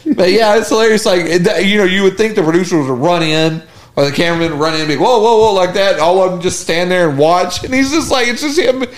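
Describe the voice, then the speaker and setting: Podcast co-host, a man, slightly high voice, casual and laughing, acts out the quotes in his stories. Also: fast. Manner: laughs often, retells clips with acted quotes. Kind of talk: casual chat.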